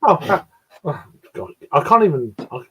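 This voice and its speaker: A man's voice: a little high, very animated, normal speed, a bit bright. Hesitant South East English man. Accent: South East English, Essex and East London mix. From South East England. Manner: hesitant, repeats words and restarts. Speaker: guest on a live beer stream. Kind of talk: casual chat.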